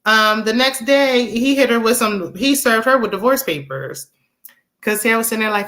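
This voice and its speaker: A young woman, casually recapping a movie with laughs and quick asides. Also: fairly high pitch. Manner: chatty, animated retelling with laughs and acted-out quotes. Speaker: movie review host.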